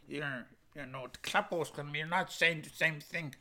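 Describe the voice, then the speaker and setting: In a medium-pitched voice at a moderate pace with few pauses, a teacher runs through vocabulary: each word is spoken, repeated, then explained through a chain of English synonyms. The manner stays plain and patient, sprinkled with soft asides and little laughs.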